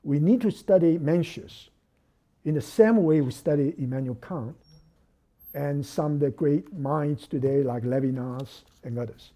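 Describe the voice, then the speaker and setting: A man giving an academic lecture, thoughtful and hesitant, pausing on fillers and restarting phrases, then stressing key words. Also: a little high, dark tone.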